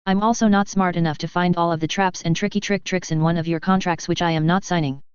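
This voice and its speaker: Cheerful blunt alien busker, woman narrator voicing her, low smooth tone, dry close sound. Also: fairly even intonation, fast talker, no room sound, muffled recording, lightly acted. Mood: cheerfully blunt. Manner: polite but bluntly refusing.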